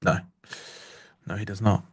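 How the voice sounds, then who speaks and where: A man's voice: fairly low pitch, little pitch movement, measured pace, slightly rough. Joking, rambling young male co-host. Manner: joking, rambling, self-interrupting. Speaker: livestream trading co-host. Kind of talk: casual live-stream chat.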